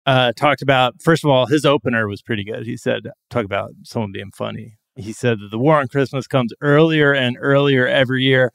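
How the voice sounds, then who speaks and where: A man's voice: medium pitch, steady tone, a little fast, vocal fry, few pauses, fairly bright tone, no room sound, clean studio sound. A man hosting a comedy podcast, wry and rambling as he sets up a news story. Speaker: podcast host. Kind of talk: casual comedic chat.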